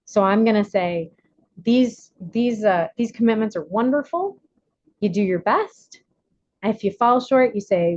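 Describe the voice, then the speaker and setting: Animated woman leading an online workshop. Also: a little slow, dry recording, lo-fi sound. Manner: animated, acts out quotes with big pitch jumps. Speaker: workshop facilitator. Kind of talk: online recovery workshop teaching.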